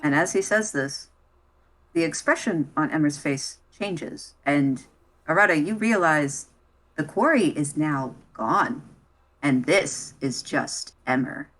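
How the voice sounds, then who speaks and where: A woman narrating as game master in a tabletop game, slow and calm. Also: low voice, rough recording.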